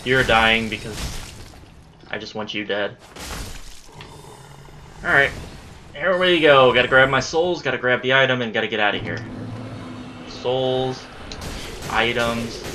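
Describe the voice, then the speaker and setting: A man's voice: medium pitch, unhurried, pauses often, noisy background. A man giving live gameplay commentary, exasperated and profane, talking back at enemies as he plays. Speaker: let's play gamer.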